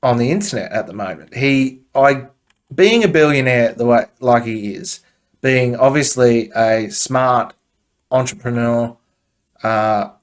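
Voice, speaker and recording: An Australian man talking through a casual commentary podcast. He is blunt and offhand, swears freely and leans on fillers as he goes. His voice sits at an ordinary mid pitch. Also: unhurried. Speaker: podcast host.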